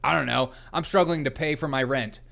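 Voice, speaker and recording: A man's voice: mid-range voice, fairly quick, vocal fry, fairly bright tone. A man hosting a casual comedy news livestream, rambling, laughing often and reading chat aloud. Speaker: host.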